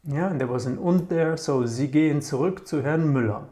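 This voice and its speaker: A man's voice: a little high, normal speed, mellow. A man teaching vocabulary in a casual, musing way, often checking in with "yeah?" and repeating words aloud. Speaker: German teacher. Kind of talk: casual explanatory lesson.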